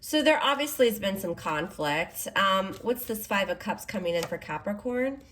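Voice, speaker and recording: A woman's voice: medium pitch, lively intonation, normal speed, a bit bright. Chatty woman giving a tarot reading. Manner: chatty, reassuring, frequent "okay?" and "you know" tags. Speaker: tarot reader. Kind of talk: casual spoken tarot reading. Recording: faint background noise.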